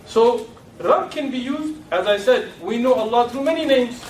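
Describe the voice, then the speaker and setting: A man's voice: extremely high pitch, animated, moderate pace, a little mellow, a little hiss or hum. A man giving a lecture to an audience in a lecture room, asking rhetorical questions and teasing his listeners. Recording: echoey room from far off.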